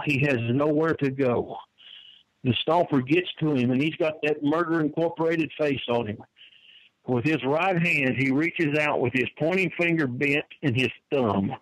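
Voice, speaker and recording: An older man, a wrestling manager appearing as a guest, answers an interview by telling wrestling stories in a folksy way, often repeating his words. His voice is a little high, and the recording is low-quality with no room sound.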